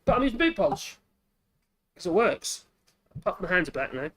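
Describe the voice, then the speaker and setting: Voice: mid-range voice, big pitch swings, a little fast. A woodworking channel host, chatting casually while demonstrating at the workbench, thinking aloud and correcting themselves as they go.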